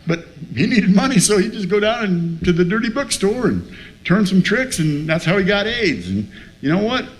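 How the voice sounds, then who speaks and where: Profane, lively man telling a recovery story. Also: high-pitched, moderate pace. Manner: profane, blunt storyteller, acts out both sides of conversations. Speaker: speaker at a recovery meeting. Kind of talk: storytelling share with humor.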